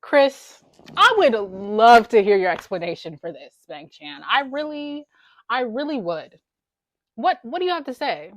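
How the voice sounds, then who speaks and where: Teasing excitable woman doing a reaction vid, slow talker, pitch all over the place. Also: dry recording. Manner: excitable, teasing, exclaims often. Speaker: reaction video host. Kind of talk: casual music video reaction. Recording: faint music in background. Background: music video playing faintly.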